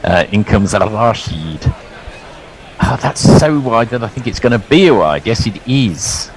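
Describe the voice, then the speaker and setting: A man calling ball-by-ball cricket commentary in a lively, chuckling way, bringing in his co-hosts. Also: fairly low pitch, unhurried, a little hiss or hum, rough recording.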